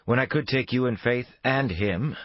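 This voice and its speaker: A man's voice: medium pitch, moderate pace, no echo, highs cut off, voice pushed up, lightly acted. A man voicing a tough, wary woman federal agent who talks in a clipped, demanding way, in an audiobook. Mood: defiant.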